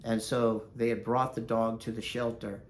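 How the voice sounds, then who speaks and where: A man's voice: mid-range voice, little pitch movement, normal speed, slight background noise. A man who is a dog trainer, telling a story in a casual vlog, rambling and conversational with frequent fillers.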